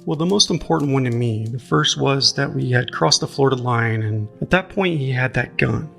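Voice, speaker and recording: A man reading out the testimony of a young woman witness, in a halting manner with many fillers. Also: mid-range voice, creaky, a bit bright, soft background music. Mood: shaken. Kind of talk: reading a courtroom transcript aloud.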